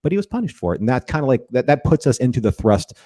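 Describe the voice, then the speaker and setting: This man co-hosts a relaxed review discussion, racing along in a warm, sing-song voice of medium pitch. His talk is rambling, full of repeated words and frequent restarts, captured in a dry recording.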